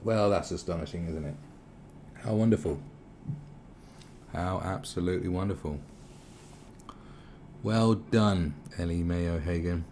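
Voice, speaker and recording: A man's voice: sits low, a little slow, pauses often, darkish tone, a little hiss or hum. A man giving a sarcastic, sweary commentary rant, repeating mock-polite questions over and over. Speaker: video commentator. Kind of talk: ranting commentary.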